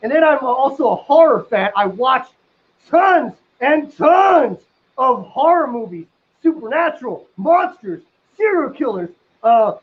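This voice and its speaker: A man telling a crude comic story casually, rambling with lots of fillers and bursting into loud excited outbursts. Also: extremely high pitch, unhurried. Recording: dull lo-fi sound.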